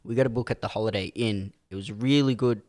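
A young man co-hosting a casual chat, telling stories with lively acted-out quotes and frequent laughs. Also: on the low side, quick pace, slight background noise. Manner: animated storyteller, acts out quotes, laughs often. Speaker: podcast co-host.

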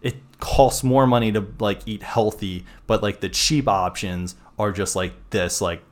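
A young man hosting a casual podcast chat, loose and slangy, quick to laugh. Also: on the low side. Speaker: podcast host.

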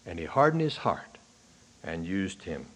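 A man preaching a sermon to a congregation in a church. He swings from hushed, low lines to loud, high bursts on key points and asks the listeners questions. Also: big pitch swings, unhurried. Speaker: pastor. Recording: archival sermon recording.

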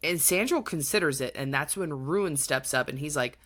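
Woman, low voice, podcast co-host, chatty plot recap, swears freely. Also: moderate pace, hardly any pauses. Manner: animated retelling with acted quotes and swearing. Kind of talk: casual book chat.

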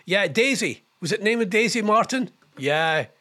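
A man's voice: sits high, expressive, bright, forceful tone. Chatty older man hosting a live show. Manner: rambling, chatty, quick impressions and laughs. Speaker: host of a live online radio show. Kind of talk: casual live-stream chat reading viewer comments.

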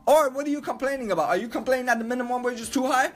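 A man ranting loudly and emphatically, swearing a lot and repeating himself. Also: very high-pitched, very fast, hardly any pauses, faint music behind. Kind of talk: profane rant to camera.

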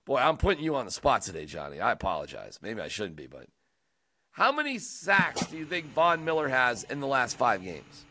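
Guy hosting sports talk, jokey and rambly, bouncy bright voice, dry close mic. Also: medium pitch, very animated, moderate pace, no room sound. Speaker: sports radio host.

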